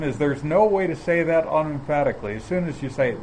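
A man teaching from the Bible in a measured, explanatory way, often pausing mid-phrase. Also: fairly high pitch, animated, a little hiss or hum, low-quality recording. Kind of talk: sermon.

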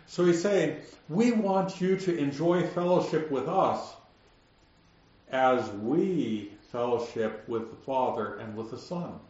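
A man teaching the Bible verse by verse, explaining the text and slowing down to stress key words. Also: a little high, lively intonation, a little mellow. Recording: roomy, slightly dull recording.

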